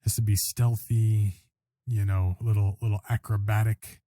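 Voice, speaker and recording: A man's voice: fairly low pitch, flat delivery, normal speed, mellow, no echo. A man co-hosting a casual podcast chat, talking in a chatty, agreeable way with lots of "you know" and "like.". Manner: chatty, filler-heavy, agreeable. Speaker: podcast co-host.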